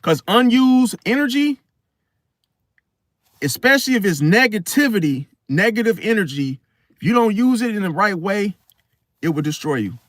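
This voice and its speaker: A man talking casually to camera as the host of an astrology video, rambling and slangy, restarting his sentences often. His voice sits fairly high for a man. The recording is dry and close, with no room sound. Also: expressive, normal speed, a bit bright, dry recording.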